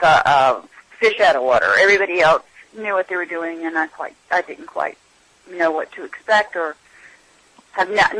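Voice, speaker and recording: Interview guest: woman with a bright, clear voice, reflective, trails off mid-thought. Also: lowish voice, low-quality recording. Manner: trails off, searching for memories. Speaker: actress interviewed about her films. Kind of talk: casual interview reminiscing.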